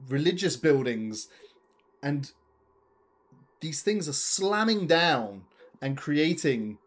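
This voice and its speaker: A man narrating as game master of a tabletop game, unhurried, with many fillers. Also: on the high side, very animated.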